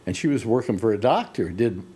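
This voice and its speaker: A man's voice: fairly low pitch, animated, fast, mellow, breathy edge. Rambling older man hosting a chat. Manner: rambling storyteller, many restarts. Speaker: talk show host. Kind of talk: casual chat.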